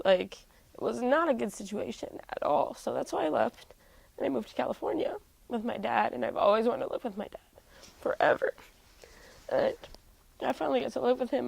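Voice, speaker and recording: A woman's voice: medium pitch, vocal fry, a little mellow, no room sound, low-quality recording. A young woman musician telling a personal family story in an interview, candid and full of "like" fillers. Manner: heavy use of "like" fillers, candid.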